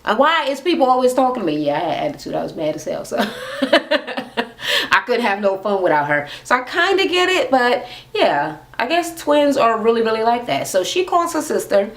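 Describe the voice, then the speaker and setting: A woman's voice: a little high, moderate pace. A young woman ranting casually and sassily as she recaps a reality TV episode, with plenty of swearing. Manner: sassy, profane, animated. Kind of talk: casual rant.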